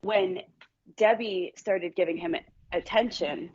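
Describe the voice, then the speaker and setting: A woman's voice: on the low side, takes it slowly, a little mellow, husky. A woman guest in a casual chat, talking things through with restarts. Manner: chatty, explaining with restarts. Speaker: podcast guest. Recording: dull lo-fi sound.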